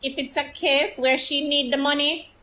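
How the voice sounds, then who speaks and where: A woman's voice: high voice, flat delivery, normal speed, pushed and bright. Blunt woman in an echoey room. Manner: blunt, commanding. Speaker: live stream host.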